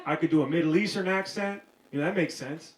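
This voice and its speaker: A man's voice: a little high, fast talker, a little hiss or hum. A man from Maryland doing a stand-up comedy set on a club stage, talking in loose slang and laughing through his lines. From Maryland, United States. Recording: roomy club with loud crowd laughter. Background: audience laughter.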